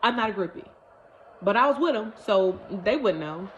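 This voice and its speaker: Animated woman telling her testimony. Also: mid-range voice, normal speed, a little hiss or hum. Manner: animated, emphatic, talks straight to viewers. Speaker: vlogger sharing a testimony. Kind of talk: personal testimony storytelling. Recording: dull lo-fi recording.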